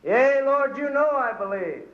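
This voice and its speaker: A man voicing a terrified man hanging from a cliff, who pleads quickly in a high, eager voice. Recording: echoey hall, dull lo-fi recording.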